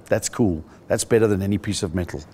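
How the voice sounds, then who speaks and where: A middle-aged South African man, a comedian in a casual interview, telling animated stories and acting out other people's voices. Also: lowish voice, quick pace, slight background noise.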